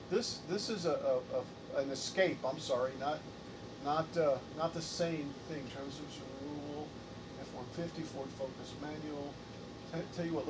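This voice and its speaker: A man hosting a casual live stream, thinking aloud in halting, repeated phrases. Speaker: livestream host. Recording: distant mic, noisy air conditioning rumble.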